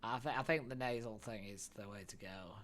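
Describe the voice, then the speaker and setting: A man's voice: fairly low pitch, brisk, a bit bright, a little hiss or hum. A young man streaming live, chatting casually and thinking aloud while building a character.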